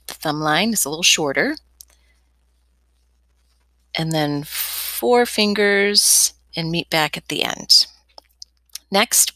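A woman's voice: lowish voice, pushed and bright, no room sound. A young woman teaching a step-by-step drawing lesson as an art teacher, chatty and encouraging with playful asides.

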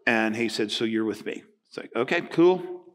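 A man's voice: fairly low pitch, animated, normal speed. An older man in his sixties, a pastor from Nova Scotia, telling a story in a sermon and acting out the voices of the people in it. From Nova Scotia, Canada.

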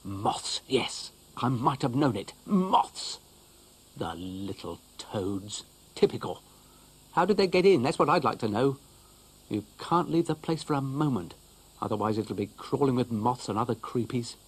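A grumpy, fussy cartoon dog, put on by a man grumbles and huffs with slow, dragging indignation. The voice is husky and swoops about in pitch as he complains. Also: lively intonation. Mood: indignant grumbling. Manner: huffy, indignant, mutters and grumbles. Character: grumpy fussy male dog, self-pitying.

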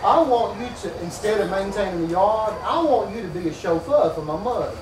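An actor playing a patient, well-off son who explains things calmly. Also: male voice, high-pitched, brisk. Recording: echoey room from a far camera with hiss.

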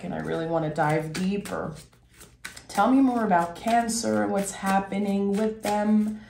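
A woman giving a monthly tarot reading, talking gently and reassuringly straight to her viewers and slowing down on key phrases. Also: mid-range voice, roomy sound, slight background noise. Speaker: tarot reader.

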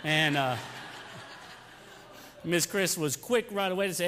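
Chatty youth pastor in church. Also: male voice, high-pitched, a little slow, pauses often, fairly bright tone. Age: young adult. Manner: chatty, joking, talks to the congregation by name. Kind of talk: sermon announcements and storytelling. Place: church sanctuary. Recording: long hall reverb.

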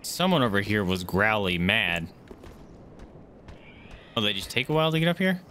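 A young man giving live commentary as he plays a game, reacting loudly and swearing often, yelping when startled. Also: lowish voice, big pitch swings, moderate pace, slight background noise. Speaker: streamer playing a game.

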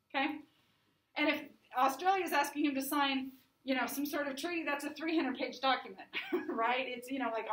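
Heard from afar in a room full of echo, a female lecturer with a high-pitched, somewhat bright voice teaches her class. She keeps the tone chatty, frequently tossing in "right?" and "okay?" to check that listeners are following.

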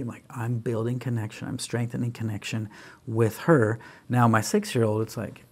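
This guest, a speaker and author, has a medium-pitched, slightly rough voice and a moderate pace. On an interview podcast he energetically tells emphatic stories about his kids, acting out lines in voices and restarting frequently.

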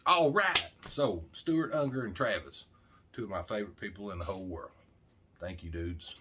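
Background noise accompanies a middle-aged Arkansas man with a lowish, animated voice at normal speed. As host of his own vlog, he rambles casually in a folksy, jokey style, speaking straight to the camera with frequent "man."

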